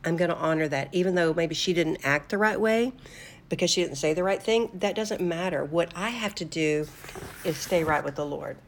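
A woman's voice: fairly low pitch, normal speed, slight background noise. An older woman hosting a devotional talk show, speaking earnestly and conversationally with fillers and restarts. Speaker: host of a faith talk show.

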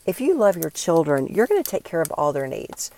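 An older woman speaking in an earnest, encouraging way, giving a devotional talk and leading listeners through a quiet prayer exercise. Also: low voice, sing-song, fairly quick. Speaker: Christian speaker.

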